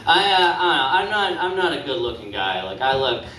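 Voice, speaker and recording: A man's voice: mid-range voice, very animated, fairly quick, pushed and bright, slight background noise. Stand-up guy in a club, rambly and unsure, voice swings up and down, echoey and a bit distant. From Canada. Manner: rambling, hesitant, self-deprecating. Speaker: stand-up comedian. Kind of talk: stand-up set. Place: comedy club stage. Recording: echoey room, mic from afar.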